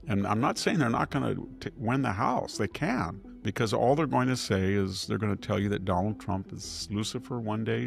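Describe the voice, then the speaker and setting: With a gravelly voice on the low side, an older man talks politics off the cuff. He proceeds carefully and deliberately from point to point, pausing and starting over at times.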